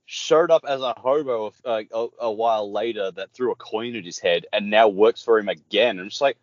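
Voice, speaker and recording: A man co-hosting a podcast in casual chat, excitable, his voice jumping when amused. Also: lowish voice, normal speed, hardly any pauses, dry recording. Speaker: podcast co-host. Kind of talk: casual book-club chat. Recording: dry, dull home mic.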